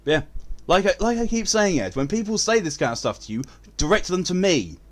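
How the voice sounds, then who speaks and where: A man's voice: high voice, big pitch swings, a little fast. A man chatting casually with viewers while streaming a game, blunt and given to swearing. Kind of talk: casual live-stream chat.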